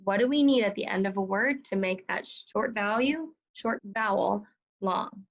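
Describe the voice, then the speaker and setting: A woman teacher guides young children through a phonics lesson at a slow, careful pace. Her voice carries a touch of vocal fry, and she patiently sounds out each word. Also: mid-range voice, highs cut off. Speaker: second grade teacher.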